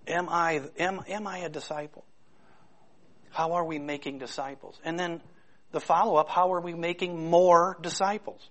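A man's voice: medium pitch, a bit bright. A man preaching a conversational sermon, informal and full of rhetorical questions. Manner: informal and searching, poses many rhetorical questions. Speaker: pastor.

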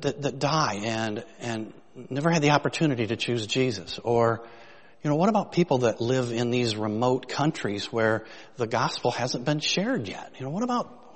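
Man preaching in an echoing hall. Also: a little high. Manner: conversational preaching, rising emphasis on questions. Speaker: pastor. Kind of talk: sermon. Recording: long reverb of a hall.

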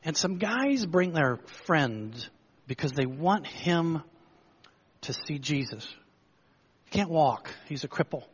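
Storytelling preacher man, husky. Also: on the high side, takes it slowly, muffled recording. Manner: storytelling, lively, acts out the crowd's lines. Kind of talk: sermon.

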